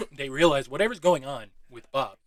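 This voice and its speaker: A man giving a casual, excitable movie recap, swearing often and laughing as he talks. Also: mid-range voice, low-quality recording. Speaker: movie reviewer.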